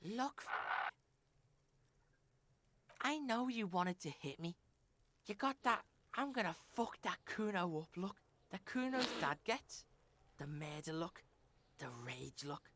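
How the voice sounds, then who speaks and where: A woman's voice: mid-range voice, animated, unhurried, background noise, natural voice. A woman voicing a crude, swaggering young boy who taunts and talks about himself in the third person. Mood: menacing.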